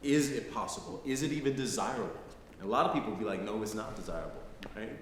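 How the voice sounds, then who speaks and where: Fast-talking and fairly low-pitched, a middle-aged American man gives a conversational guest lecture built around personal stories. He regularly checks in with his live audience by saying "right?". The hall is echoey, and a faint noise is present.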